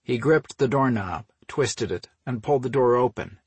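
A man reading a novel aloud in a steady, measured storytelling voice. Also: medium pitch, slightly rough, dry recording. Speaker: audiobook narrator. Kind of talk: scripted narration.

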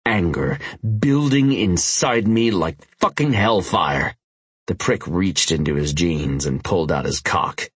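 A man with a very deep, husky voice reads a first-person audiobook. His delivery is gritty and profane, with a lively, swinging pitch. The recording is dry and close. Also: takes it slowly, no room sound. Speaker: audiobook narrator.

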